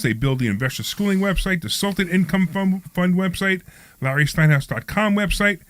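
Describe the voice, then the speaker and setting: A man's voice: high-pitched, dry recording. A man hosting a live radio talk show from a studio, reading an upbeat intro and then chatting loosely with his co-hosts. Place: studio at a training office.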